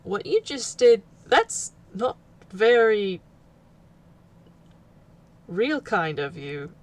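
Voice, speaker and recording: A woman voicing a kindly, tall male professor in a tabletop role-play, giving gentle, unhurried advice. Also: mid-range voice, sing-song.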